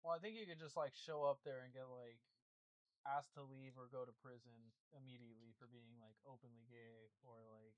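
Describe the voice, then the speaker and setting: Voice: medium pitch, steady tone, fairly quick, dry recording, highs cut off. A speaker co-hosting a casual chat, curious and offhand. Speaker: podcast co-host.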